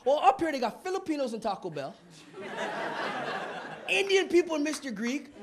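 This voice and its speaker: A man from Montreal performing a stand-up comedy routine on a club stage, punchy and animated, slipping into voices. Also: very high voice, fast talker. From Montreal, Canada. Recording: noisy live club recording.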